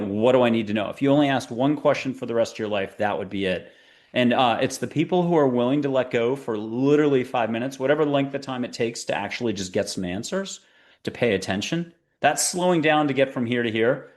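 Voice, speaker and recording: A man with a mid-pitched voice talks as a guest in an interview. His talk is chatty and playful, full of quick jokes and asides. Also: darkish tone. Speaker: guest, spiritual teacher.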